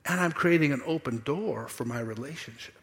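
A man preaching a sermon in church, animated and playful, acting out quotes and making asides to the congregation. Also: mid-range voice, brisk. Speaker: pastor. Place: church sanctuary.

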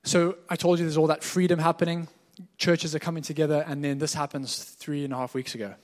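A man's voice: a little high, little pitch movement, fairly quick. A man preaching a sermon as a pastor, telling stories in a candid, conversational way. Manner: conversational storytelling, candid and informal. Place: church hall. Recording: echoey hall.

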